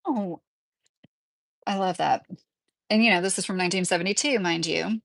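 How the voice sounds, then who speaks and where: A woman with a gravelly, fry-tinged voice reads aloud at an unhurried, deliberate pace. She stops now and then to add her own delighted comments, then returns to the text. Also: fairly low pitch, fairly bright tone, no echo. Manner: reads slowly and deliberately, breaks off with delighted asides and small laughs. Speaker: host reading a book aloud. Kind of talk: book reading with spontaneous asides.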